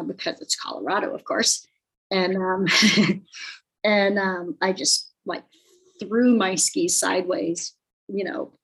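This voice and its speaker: A woman who once raced skis, telling her story in a casual, halting way with many fillers and restarts. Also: medium pitch, rough recording. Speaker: former ski racer telling her story.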